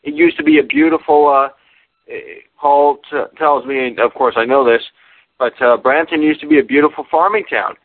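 A man calling in, talking in a rambling, halting way with many fillers. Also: on the high side, dry recording. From Canada. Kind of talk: casual call-in chat. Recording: dry tinny phone line.

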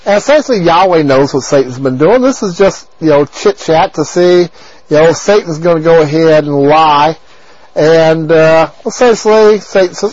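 A talk radio host rambles through a crude, abrasive monologue packed with repeated filler phrases. His voice is a little high with a darkish tone, at normal speed and with no echo, heard on a dull lo-fi radio broadcast.

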